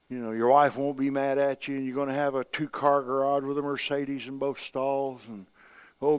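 A middle-aged man preaching a sermon in a folksy, conversational way, swinging between loud emphatic bursts and quiet asides. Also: medium pitch, clear, resonant tone.

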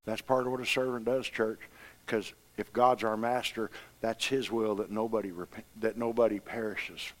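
A man's voice: fairly low pitch, fairly even intonation, normal speed. A middle-aged man preaching a sermon, telling homespun stories with rising fervor. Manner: folksy, impassioned storytelling preacher.

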